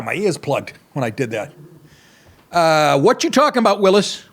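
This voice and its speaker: Crude, sarcastic male comedy podcast host. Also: fairly high pitch. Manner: crude, sarcastic, blunt, frequent swearing. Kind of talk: profane comedic rant.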